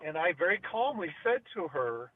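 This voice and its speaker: A man's voice: a little high, very animated, normal speed. A middle-aged man telling a long story in casual chat, rambling with lots of fillers and restarts. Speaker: podcast co-host. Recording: dry, phone-like narrow sound.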